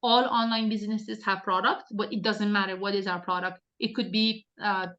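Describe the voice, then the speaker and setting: A woman's voice: medium pitch, fairly even intonation, normal speed, fairly bright tone, dull audio. A woman team leader coaching her recruiters on a group video call, talking directly and insistently with many restarts.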